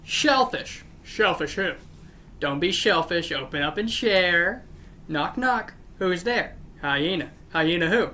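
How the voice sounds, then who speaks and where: Animated yet slow, her voice runs on the low side with a bright, forceful tone. The woman hosting this channel reads jokes aloud in succession and, unimpressed, breaks off to grumble that they're not funny, with slight background noise behind her.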